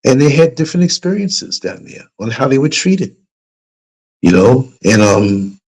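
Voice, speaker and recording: A middle-aged man tells a story to his livestream audience in a loose, casual way. His pitch moves a lot as he goes, and his tone carries a light huskiness. When he quotes other people, he lifts his voice higher. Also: sing-song, unhurried, vocal fry, darkish tone, slightly rough. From United States. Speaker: livestream host. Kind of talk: casual storytelling to a live chat.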